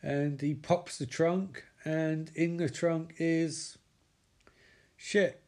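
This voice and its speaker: A man recapping a TV episode with sarcastic, sweary, excitable commentary. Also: on the high side, drawn-out words. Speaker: comedic TV recapper.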